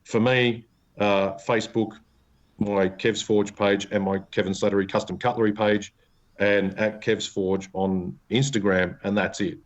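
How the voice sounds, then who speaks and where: A man's voice: lowish voice, steady tone, measured pace. A man hosting a casual podcast chat, laughing often and swearing easily. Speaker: podcast host. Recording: dull lo-fi podcast recording.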